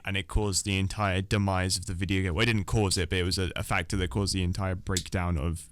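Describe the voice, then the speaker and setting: A young man co-hosting a gaming radio chat, chatty and quick to laugh. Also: sits low, level tone, a bit bright, no echo, clean studio sound. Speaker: radio show co-host. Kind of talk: casual chat on student radio.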